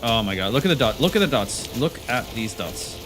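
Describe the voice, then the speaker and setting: A man's voice: medium pitch, very animated, a little fast. A man streaming a game live, talking to himself in a rambling, playful way. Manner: rambling, playful self-talk. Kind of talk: live gameplay commentary. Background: game music.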